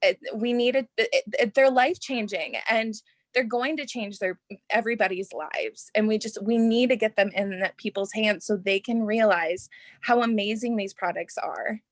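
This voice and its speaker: A young woman, a guest on a video call, telling her story in an earnest, emotional, halting way. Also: fairly high pitch, steady tone, no room sound.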